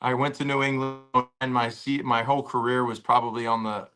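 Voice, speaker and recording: Guest, male: bright forceful tone, animated storyteller, relaxed slangy delivery from home. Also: medium pitch, a little fast, faint music behind. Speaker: podcast guest, former pro football player. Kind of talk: casual interview storytelling. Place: at home with a dog nearby.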